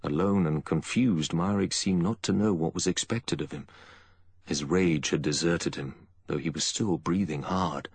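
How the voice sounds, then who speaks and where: A man reading a novel aloud as narrator in a steady storytelling voice. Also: sits low, unhurried, breathy edge, no room sound. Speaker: audiobook narrator. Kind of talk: scripted narration.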